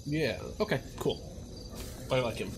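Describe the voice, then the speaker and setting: A man playing a tabletop game, low-key and hesitant, mumbling his turns. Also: animated, a little slow. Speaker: player. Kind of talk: casual tabletop play. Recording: noisy background hiss.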